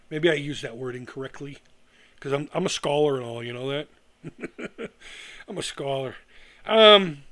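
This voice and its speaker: Man, middle-aged, slightly high voice, heated profane rant, sarcastic, stumbling restarts, live stream. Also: fairly bright tone. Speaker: retro gaming YouTuber on a live stream.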